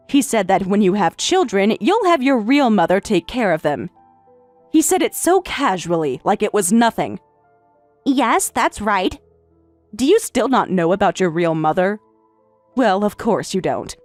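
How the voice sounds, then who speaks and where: A woman voicing a middle-aged stepmother, speaking in a calm, detached and formal way. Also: medium pitch, measured pace, no room sound, soft background music. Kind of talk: story narration with voiced roles.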